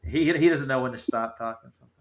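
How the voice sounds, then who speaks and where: A man's voice: medium pitch, quick pace, low-quality recording. A man casually telling a rambling personal story, with frequent restarts.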